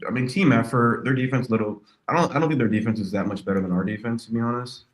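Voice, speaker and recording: Animated slangy man talking football. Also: fast talker. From California. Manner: animated, slangy, mimics people in high voices. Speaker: podcast co-host. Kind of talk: casual sports chat.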